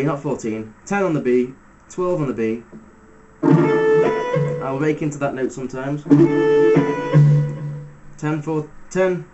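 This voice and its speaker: Male guitar teacher, slightly high, easygoing, loud guitar playing in the mix. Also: lo-fi sound. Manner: relaxed, talks through fret numbers with fillers. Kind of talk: casual step-by-step guitar tutorial. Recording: loud guitar music under the voice. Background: electric guitar playing between phrases.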